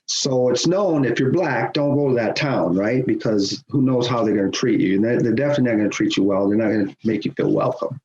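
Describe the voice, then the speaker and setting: A middle-aged man, a guest on a podcast, telling a personal story in a lively conversational way, chuckling as he goes. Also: medium pitch, brisk, hardly any pauses. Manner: animated, acts out quoted voices, chuckles often. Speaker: podcast guest, hockey official. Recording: roomy, dull sound with faint hiss.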